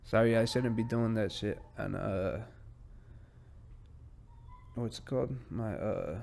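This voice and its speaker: A man's voice: lowish voice, slow pace, gravelly, a little mellow, a little hiss or hum. A man hosting a one-man podcast, ranting in profane, rambling bursts that drift off mid-thought. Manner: easily distracted, drifts off mid-sentence. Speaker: podcast host. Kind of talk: solo podcast chat.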